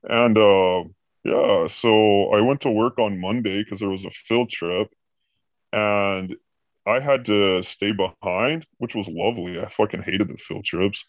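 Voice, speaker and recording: A man's voice: lowish voice, a little slow, no room sound. A man recounts workplace stories in a loose, chatty podcast. His talk is peppered with profanity and "like". The recording is close and dry, with no room sound. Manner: profane, animated anecdote telling. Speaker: podcast guest recounting a job. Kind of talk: casual storytelling chat.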